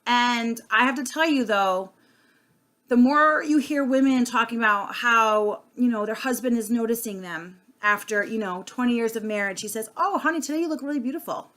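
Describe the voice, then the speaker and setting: A woman's voice: on the high side, normal speed, a bit bright. A woman, talking earnestly and casually straight to camera, with plenty of fillers and restarts. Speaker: sales consultant vlogger. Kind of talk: unscripted casual monologue.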